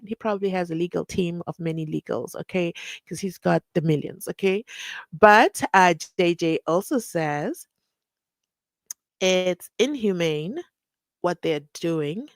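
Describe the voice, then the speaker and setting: A woman's voice: on the low side, unhurried, no echo. A woman, hosting a live stream, reading viewer comments and acting out the people she quotes with sarcasm. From South Africa.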